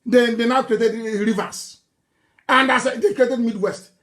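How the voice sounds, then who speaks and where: A man with a Nigerian accent giving an impassioned live broadcast speech, mocking and scornful, laughing and shouting at times. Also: extremely high pitch, fairly even intonation, measured pace. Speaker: political broadcaster.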